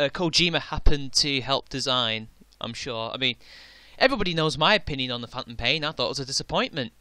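A man's voice: fairly high pitch, sharp tone, clean tone, no echo. A man giving a sarcastic reaction commentary over a played clip, mocking it with theatrical sarcasm. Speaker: reaction video maker.

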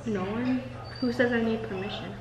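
A woman's voice: fairly high pitch, fairly even intonation, echoey room, heavy background noise. A woman joining her sister for an eating video at home, making playful comebacks between bites. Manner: playful, quick comebacks, self-promoting. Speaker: guest, the host's sister. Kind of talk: casual mukbang chat. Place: family home during a meal.

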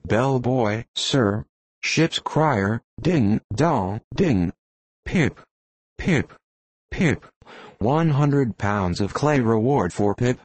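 A crazed young cabin boy drifting in singsong, wandering phrases, put on by a male reader. The voice sits higher than the narrator's but stays slow. Close, dry sound. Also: expressive, darkish tone, breathy edge, no echo, heavily acted.

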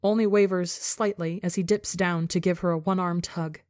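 A woman narrating a fan fiction story for a podcast, an intimate, expressive reading. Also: on the low side, normal speed, dry recording, clean studio sound. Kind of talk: scripted narration.

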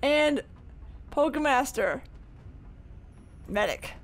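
A man's voice: very high voice, animated, extremely slow, a bit bright. A man casually commenting on his video game play, chatty and swearing freely as he reacts aloud. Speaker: let's play gamer.

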